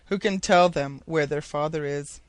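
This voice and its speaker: A man's voice: fairly high pitch, normal speed, clean tone, no echo, close to an everyday voice. A man voicing a commanding nobleman who speaks firmly and earnestly. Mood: regretful. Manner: firm, earnest.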